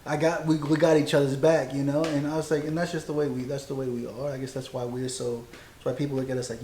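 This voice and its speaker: A man's voice: medium pitch, level tone, fast, a crowd in the background. A man in his forties hosting a casual podcast chat, rambling in a loose, profane way with lots of fillers. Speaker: podcast host, Marine veteran. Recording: echoey room.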